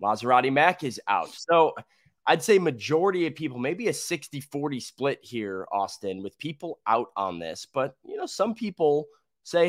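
A man co-hosting a sports talk show, reeling off chat responses one after another at a medium pitch. His delivery is quick and list-like, with casual filler between the items. The sound is dry and close. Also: big pitch swings, no room sound.

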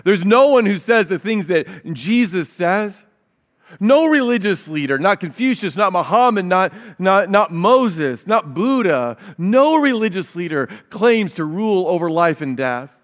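A man delivers a sermon in a fairly high voice, earnest and direct. He reads scripture aloud between his points and often repeats a word as he restarts a sentence. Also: very animated, a little slow. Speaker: pastor.

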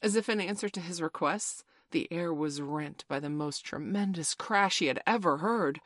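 A woman reads a classic storybook aloud in a measured, expressive way. Her voice is low, and the sound is close and dry with no room echo. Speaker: audiobook narrator. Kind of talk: scripted storybook narration.

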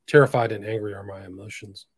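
A man hosting a solo podcast, reading posts aloud in a flat voice broken by sudden loud, emphatic bursts. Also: lowish voice, fast talker, breathy edge, no echo, clean studio sound. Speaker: podcast host.

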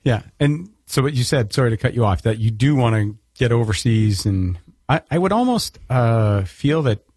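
A man's voice: mid-range voice, lively intonation, moderate pace, darkish tone, breathy edge, dry recording, studio quality. Chatty male radio host from Canada. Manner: jokey, chatty, laughs often. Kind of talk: casual radio interview. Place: radio studio.

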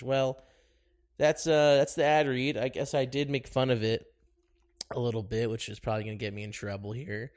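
Hungover guy hosting a podcast, flat deadpan ad read, mid-pitched, jokey asides. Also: normal speed. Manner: dry, deadpan ad read with self-mocking asides. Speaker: podcast host. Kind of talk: casual podcast talk and ad read.

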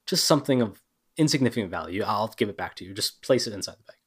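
A man playing a courteous merchant lord who pitches his wares with smooth sales talk. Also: lively intonation, quick pace.

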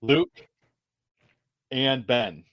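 A man chatting casually as a podcast co-host, rambling and animated, with lots of fillers and restarts. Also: medium pitch, very slow, dull audio. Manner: rambling, animated, quotes characters in put-on voices. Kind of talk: casual chat.

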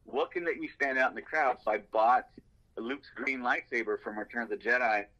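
A man's voice: mid-range voice, a little fast, sharp tone, dull audio. A man sharing fan stories in casual chat, enthusiastic and quoting movie lines.

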